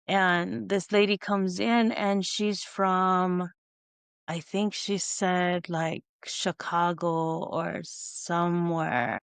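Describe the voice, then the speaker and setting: A woman's voice: lowish voice, steady tone, drawn-out words, gravelly, clear, resonant tone, dry recording. A middle-aged woman from Hawaii, hosting a podcast and telling a story in a casual, meandering way with restarts. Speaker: podcast host. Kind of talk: casual solo podcast talk.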